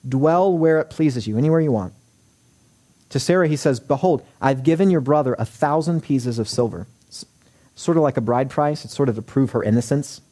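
A man preaching in an earnest, emphatic way, building to rising exhortations. His voice is mellow and warm, sitting in an ordinary middle register. He sounds middle-aged. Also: mid-range voice, normal speed. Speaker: pastor. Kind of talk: sermon.

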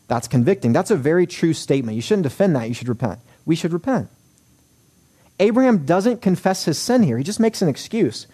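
A man preaching a sermon as pastor, animated, acting out quoted voices with wry humor. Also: fairly high pitch, brisk.

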